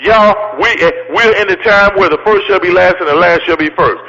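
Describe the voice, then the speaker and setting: A man's voice: sits high, a little fast, sharp tone, muffled recording, a little hiss or hum. A man giving a fiery motivational speech with a preacher-like cadence, repeating his lines and calling out to the crowd. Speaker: motivational speaker. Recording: long hall reverb.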